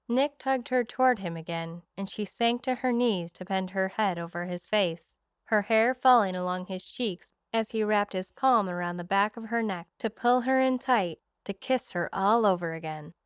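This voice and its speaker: A woman narrates a romance audiobook with a smooth, clear, resonant voice. Her pitch sits in the middle range, and the sound is close and dry. She slows her pace for the tender moments. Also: no room sound.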